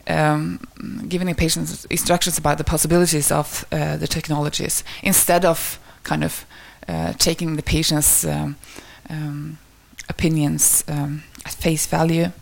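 A woman with a low voice gives an academic research presentation. Her tone carries a noticeable gravelly fry. She speaks hesitantly, pausing often with fillers and restarting her sentences. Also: flat delivery.

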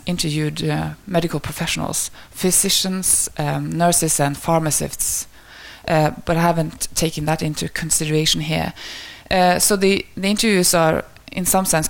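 A woman with a low voice gives an academic research presentation. Her tone carries a noticeable gravelly fry. She speaks hesitantly, pausing often with fillers and restarting her sentences.

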